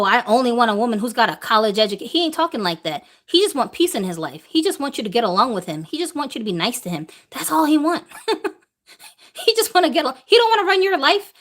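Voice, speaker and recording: A woman's voice: high-pitched, fairly bright tone. A woman hosting a live viewer Q&A, talking in an emphatic way and throwing out rhetorical questions. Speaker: host answering viewer questions. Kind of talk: live-stream opinion talk.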